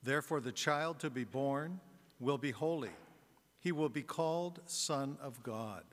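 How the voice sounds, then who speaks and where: Slow-reading deacon in an echoing church. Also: male voice, mid-range voice, a bit bright. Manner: slow, measured proclamation. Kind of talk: scripture reading. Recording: long church reverb.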